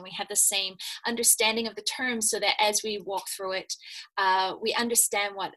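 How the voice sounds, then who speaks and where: Bright-voiced woman spiritual teacher. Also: mid-range voice, moderate pace, poor audio. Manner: hesitant, with many fillers and restarts. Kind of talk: casual spiritual talk.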